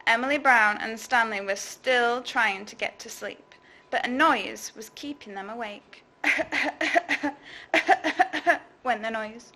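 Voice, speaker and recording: Bright, slow teacher reading aloud. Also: female voice, on the high side, creaky. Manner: expressive, slow, asks children questions. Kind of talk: reading a storybook to children.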